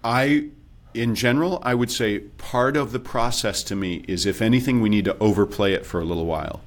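A man's voice: lowish voice, a little fast. A man who is an accent and dialect coach, speaking as a guest in a podcast interview, explaining things patiently like a teacher. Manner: explanatory, teacherly, animated demonstrations.

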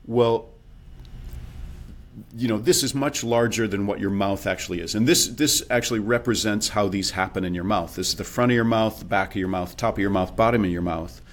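Guy accent coach on a podcast, lowish voice, explains like a prof, chuckles a lot. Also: fairly quick, slight background noise. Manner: explanatory, teacherly, animated demonstrations. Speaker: accent and dialect coach, guest. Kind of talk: podcast interview.

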